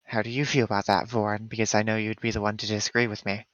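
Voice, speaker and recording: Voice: mid-range voice, level tone, fast, fairly bright tone, no echo, dull audio, natural voice. A tabletop player speaking in character as a rogue adventurer, in a plain, earnest voice. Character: rogue adventurer arguing for mercy.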